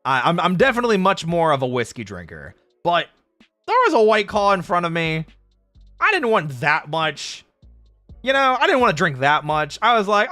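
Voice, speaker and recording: Lively, bright-voiced young man streamer. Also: on the high side, normal speed, no room sound. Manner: animated and jokey, laughs often, talks straight to chat. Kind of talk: casual live-stream chat answering viewers. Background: faint background music.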